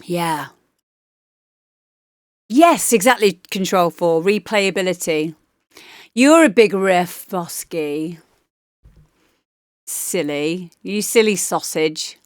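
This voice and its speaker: A woman's voice: lowish voice, lively intonation, drawn-out words, long pauses, dry recording, clean studio sound. A woman, a DJ host chatting casually and rambling with laughs while reviewing demo tracks. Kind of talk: casual stream chat.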